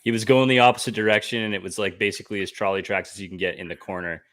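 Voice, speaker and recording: A podcast co-host in casual chat, talking in a lively, enthusiastic way. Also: deep voice, rapid-fire.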